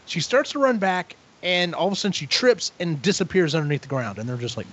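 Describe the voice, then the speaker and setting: A man co-hosting a casual podcast, retelling a story with lively acted-out voices and frequent swearing. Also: sits high, quick pace, hardly any pauses. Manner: animated retelling, acts out characters, swears freely. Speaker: podcast co-host. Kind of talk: casual book recap chat. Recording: dull lo-fi audio.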